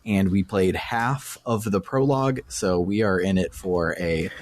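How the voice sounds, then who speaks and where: Chill guy hosting a podcast, lowish voice, lots of uhs, kinda rambly. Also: a little slow. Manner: laid-back, rambling with many fillers. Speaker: podcast host. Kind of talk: casual podcast chat.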